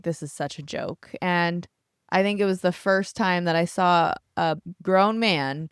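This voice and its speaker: Animated woman telling stories. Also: sits low, clear, resonant tone, dry recording, clean studio sound. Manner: animated storytelling, acts out quotes, laughs often. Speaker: podcast co-host and photographer. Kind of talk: casual chat. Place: aboard a family yacht.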